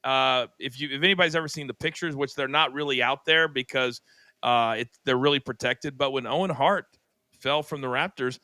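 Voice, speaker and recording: A man hosting a talk podcast, laid back and quick to laugh, moving the talk along. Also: medium pitch, pushed and bright, no room sound. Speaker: podcast host.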